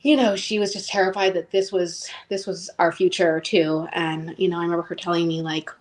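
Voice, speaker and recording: A woman's voice: fairly low pitch, flat delivery, fairly quick, few pauses. A woman in her thirties telling her personal story as an interview guest, rambling and emotionally open with lots of "like".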